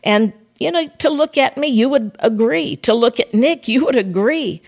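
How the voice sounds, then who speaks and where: A woman's voice: fairly high pitch, expressive, normal speed, few pauses, a little mellow. An older woman gives an earnest devotional talk. She speaks straight to her listeners in a conversational way, as if sharing her own story. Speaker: ministry podcast host.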